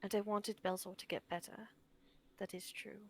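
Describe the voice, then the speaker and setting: Tilda, a soft, contrite woman, played by a woman at the table. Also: mid-range voice, steady tone, natural voice. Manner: soft, halting, apologetic speech. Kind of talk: in-character role-play in a tabletop game.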